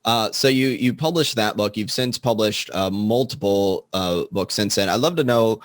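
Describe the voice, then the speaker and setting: A man hosting an interview podcast, chatting casually and often pausing on filler words. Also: on the low side, no echo. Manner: relaxed, frequent filler words. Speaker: podcast host.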